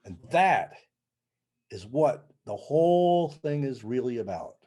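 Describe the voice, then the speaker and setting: A man's voice: medium pitch, slow pace. A man who works as a sound healer, telling a story in a casual chat and acting out the dialogue. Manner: animated storyteller, acts out dialogue. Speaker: sound healing practitioner, podcast guest.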